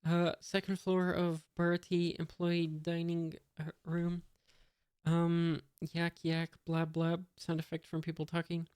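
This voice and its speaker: A reader reading a comic aloud in a monotone, reading out sound effects and punctuation with many hesitant fillers. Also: mid-range voice, a little slow, clean tone, no echo, studio quality.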